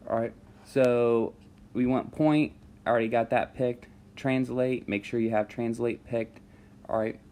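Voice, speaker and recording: A man with a creaky, mid-range voice teaches a math lesson over a screen recording, relaxed as he guides students through each step and often checks in with "all right?".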